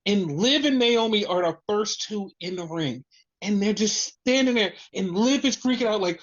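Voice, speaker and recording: Man, podcast co-host, excited rambling, heavy swearing, dull lo-fi sound. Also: high voice, moderate pace. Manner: excited, profane, repetitive storytelling. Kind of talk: casual wrestling review chat.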